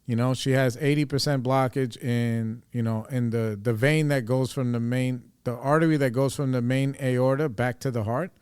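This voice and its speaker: A man's voice: mid-range voice, fairly even intonation, moderate pace, few pauses, darkish tone, clean tone, no echo, clean studio sound. A man hosting a podcast, telling a personal story in a casual, rambling way, full of fillers and swearing. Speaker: podcast host.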